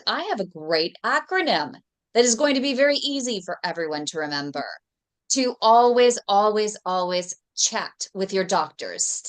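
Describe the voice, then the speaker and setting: A woman host with a medium-pitched voice speaks on a video call. She explains things clearly and instructively, spelling out details for viewers. Her delivery is steady and informative. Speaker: host of health advocacy show. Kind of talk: host interview and public health message.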